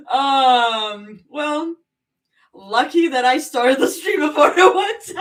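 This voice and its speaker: Lively woman streamer, slow and airy. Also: high voice, far from the mic, low-quality recording. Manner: casual, swearing, apologetic asides. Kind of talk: live reading and reacting to fan fiction.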